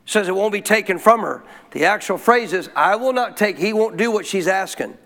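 A man's voice: high voice, animated, fairly quick, fairly bright tone. A man preaching a sermon as pastor, quoting scripture and calling for responses from the congregation.

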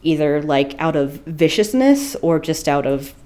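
A woman with a slightly low voice co-hosts a chatty podcast. She rambles through a spooky tale in a loose, casual way, swearing freely and laughing at her own stumbles. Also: expressive, a little slow, warm tone. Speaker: podcast co-host. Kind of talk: casual storytelling chat.

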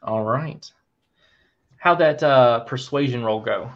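A man narrating as game master in a relaxed way, with lots of fillers. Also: medium pitch, slow, gravelly, muffled recording.

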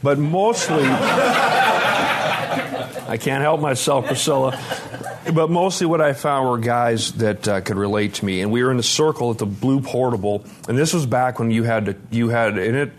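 A middle-aged man speaking at a recovery meeting, blunt and self-mocking, with a middle pitch. He swears now and then. On hard truths he sinks into a soft, low voice. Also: brisk, hardly any pauses, a little hiss or hum. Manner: candid, self-deprecating, swears freely; drops to a quiet low voice on heavy points. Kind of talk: personal testimony talk. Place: conference meeting room with live audience.

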